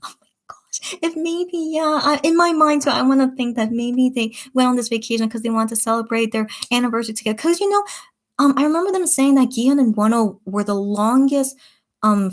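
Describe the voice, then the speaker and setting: A young woman chats her way through a late-night livestream, reading out viewer comments and answering them one by one. Her voice sits a little high, and she talks in loose, casual runs full of fillers and self-corrections. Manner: chatty, lots of fillers and restarts. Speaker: livestream host reading chat. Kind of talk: casual chat.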